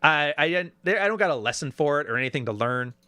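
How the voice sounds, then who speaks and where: A man's voice: a little high, fast, heavy background noise. A man giving casual, sarcastic reaction commentary on video clips, often putting on mocking voices. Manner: animated, sarcastic, does mocking quoted voices. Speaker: YouTube commentator.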